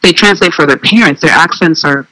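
A man in casual chat, giving opinions in an animated, opinionated way, often with "um" and "like.". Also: a little high, fairly quick, dry recording, poor audio.

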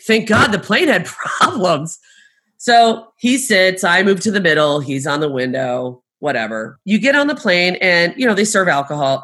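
A middle-aged woman, a travel agent, telling stories in casual conversation, animated and laughing often as she acts out what people said. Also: low voice, husky.

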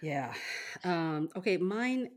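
A woman's voice: lowish voice, animated, takes it slowly. A woman co-hosting a casual book chat, effusive and rambling, laughing often. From Michigan, US. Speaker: podcast co-host.

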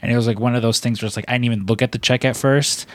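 A man's voice: medium pitch, fairly even intonation, very fast, no room sound. A man chatting casually on a podcast, rambling with many fillers and restarts. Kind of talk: casual chat.

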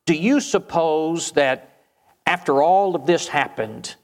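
A man's voice: fairly high pitch, slow pace. Man preaching in a reverberant hall. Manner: storytelling with rhetorical questions. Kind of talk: sermon.

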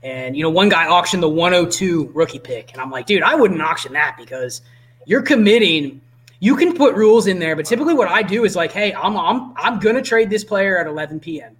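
A man's voice: sits high, expressive, a little fast, fairly bright tone. A man chatting casually as a guest about fantasy football strategy, easygoing and explanatory. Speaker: podcast guest.

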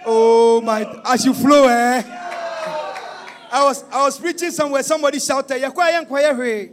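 A man preaching a sermon, shouting and half-singing, then dropping to a low confiding tone. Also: steady tone, moderate pace, soft background music, some chatter behind.

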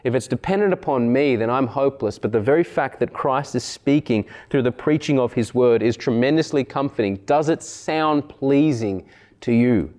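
A man's voice: mid-range voice, normal speed, a little mellow. A man preaching a sermon, driving his points home by repeating key phrases with shifting intensity.

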